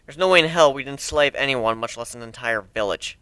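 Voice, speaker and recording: A man's voice: medium pitch, brisk, sharp tone, clear, resonant tone, no echo. A man reading a story aloud in the first person, brash and crude with a casual swagger. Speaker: amateur reader.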